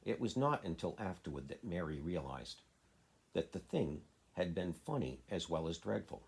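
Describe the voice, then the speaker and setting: A man, a father, reading a children's classic aloud in a steady, plain way. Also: sits low, moderate pace, creaky, breathy edge. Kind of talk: storybook reading.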